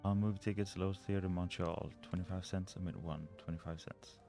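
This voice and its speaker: A man's voice: low voice, steady tone, a little fast, creaky, over music. A man playing a mystery video game, reading notes and letters aloud and muttering over the puzzles. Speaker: let's play gamer.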